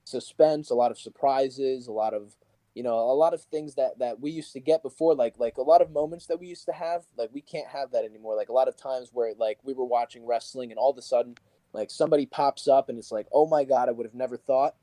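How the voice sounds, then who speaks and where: Here the wrestler sounds medium-pitched and warm, talking briskly in a casual, meandering way with plenty of filler words while he tells podcast stories. The young man's recording is low quality but has no echo.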